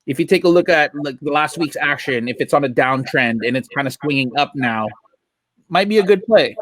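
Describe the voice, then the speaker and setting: Male podcast co-host, higher voice, dry close sound, easygoing and jokey. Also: a little fast, dry recording. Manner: animated, laughs a lot, jokey. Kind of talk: casual chat.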